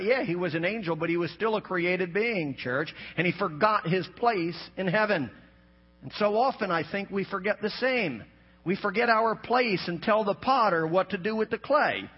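A man pastor delivering a sermon, climbing into shouts and dropping to low, emphatic asides, on a dull lo-fi recording. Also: husky.

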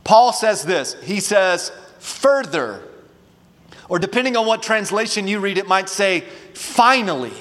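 A man's voice: high-pitched, animated, a little slow, fairly bright tone, big-room sound. A man preaching a sermon as pastor, urging his congregation to respond and repeat words after him. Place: church auditorium.

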